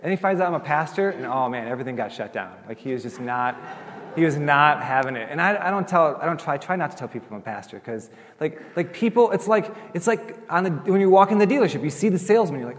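A middle-aged male pastor preaches in a loose, conversational way and acts out the people in his stories. His voice sits a little high, and a long reverb trails behind him in a big hall. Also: brisk. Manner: animated, chatty, acts out quoted voices. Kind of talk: sermon storytelling.

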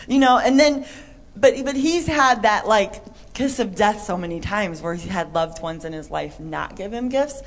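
A woman with a mid-pitched voice co-hosting a Christian talk show. She talks in a chatty, animated way and acts out little scenes as she goes. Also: normal speed. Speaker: co-host. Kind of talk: Christian podcast chat.

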